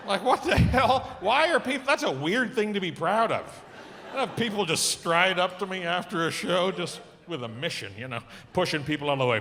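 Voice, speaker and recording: A middle-aged man performing a stand-up comedy set on stage, telling animated stories and acting out the voices he quotes. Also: sits high, normal speed, a little hiss or hum. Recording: reverberant club with audience laughter.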